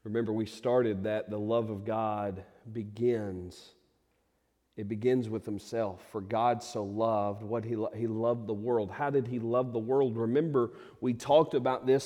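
A male pastor preaching a sermon, swinging from loud emphatic declarations to quiet, intimate appeals to the congregation. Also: medium pitch, fairly even intonation, moderate pace. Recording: long hall reverb.

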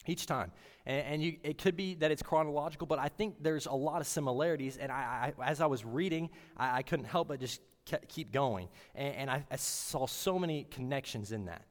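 A man giving a sermon in an earnest, halting way, often restarting his words. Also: medium pitch, long reverb tail. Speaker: preacher.

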